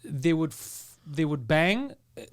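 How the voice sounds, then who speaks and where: A man's voice: a little high, big pitch swings, slow pace. A man co-hosting a comedy podcast, crude and joking, often trailing off while searching for names. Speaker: podcast co-host. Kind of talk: casual comedy podcast banter. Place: podcast studio.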